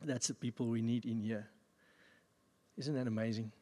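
A man pastor giving a sermon at a church service, with jokey, animated asides. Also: mid-range voice, normal speed. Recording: long reverb of a church hall.

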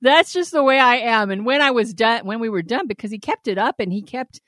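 Brief: woman, podcast co-host, candid storyteller, very lively pitch, dry close sound. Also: a little fast, no echo. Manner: animated storyteller, swoops up when quoting; laughs often. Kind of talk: candid casual chat.

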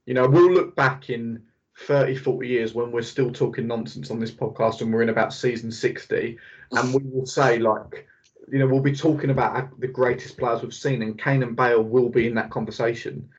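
Eager podcast host, muffled lo-fi sound. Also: male voice, medium pitch, fairly even intonation. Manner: enthusiastic, fast, filler-heavy analysis. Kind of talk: casual football podcast chat.

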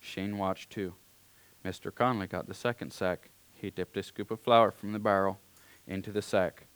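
A man reading a story aloud in a calm, unhurried way, now and then clearing his throat. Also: low voice, dry recording.

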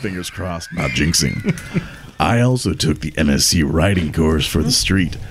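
A man's voice: a bass voice, lively intonation, background noise. A man co-hosting a podcast, reading listener emails aloud in a hammed-up voice and laughing often. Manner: reads emails in a slow, exaggerated put-on voice, laughing often. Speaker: podcast co-host.

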